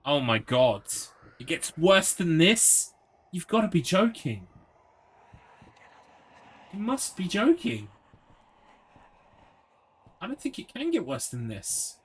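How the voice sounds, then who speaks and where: A man's voice: a little high, wildly swooping pitch, slow, long pauses, slightly rough. A young man streaming a horror game, ranting sarcastically and swearing as he gets frustrated. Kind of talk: live gameplay commentary.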